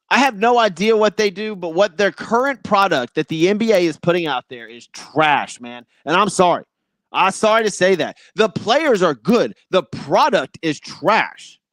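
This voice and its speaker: A man's voice: high voice, big pitch swings, a little slow, fairly bright tone, no echo, clean studio sound. A man hosting a sports talk show, giving a casual, opinionated monologue in a blunt and exasperated way.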